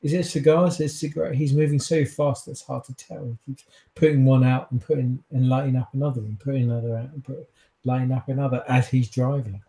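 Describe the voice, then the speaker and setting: A man's voice: medium pitch, little pitch movement, quick pace, mellow. A man running a tabletop game as game master, describing scenes with frequent fillers. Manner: descriptive, laughs often, hesitant fillers.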